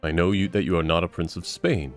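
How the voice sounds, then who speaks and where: A man voicing a stern, blunt male lawyer, speaking in a firm and measured way. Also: rumbling low, a little mellow, faint music behind, pitched below the performer's own voice.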